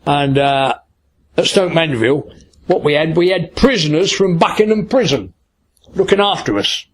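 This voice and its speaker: Slightly high-voiced and animated, this older Kent man tells his life story to an interviewer at a moderate pace. His style is chatty and full of anecdotes, reenacting old dialogue and leaning heavily on "I said" and "like."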